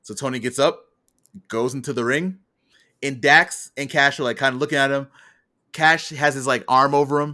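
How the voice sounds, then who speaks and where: Bright-voiced man recapping wrestling casually. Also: medium pitch, steady tone, normal speed. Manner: rambling storyteller, acts out quotes from the show. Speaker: podcast co-host.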